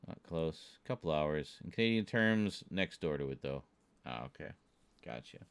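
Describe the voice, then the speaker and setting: A man's voice: extremely low pitch, animated, moderate pace, clean tone. A British man streaming, chatting casually with his chat and joking, often chuckling at his own jokes. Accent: British English. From Britain.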